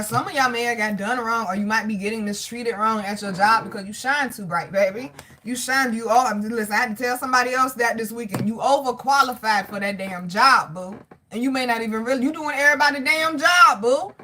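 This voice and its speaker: Woman tarot reader running a live stream, chatty and profane, bright cutting tone. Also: fairly high pitch. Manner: slangy, swears freely, greets chat by name; talks to God out loud between points. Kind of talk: casual live tarot reading.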